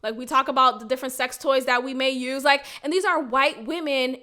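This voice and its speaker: High bright-voiced woman podcast host. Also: fairly quick. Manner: frank and profane, laughs often, animated. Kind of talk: candid casual monologue.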